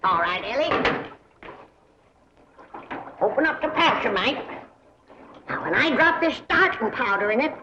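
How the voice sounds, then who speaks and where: A feisty old hillbilly granny. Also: female voice, fairly high pitch, big pitch swings, unhurried, pauses often, noisy background. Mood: folksy bossy. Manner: folksy, bossy, drawling. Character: feisty older hillbilly granny charm-maker. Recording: dull 1960s TV sound with laugh track.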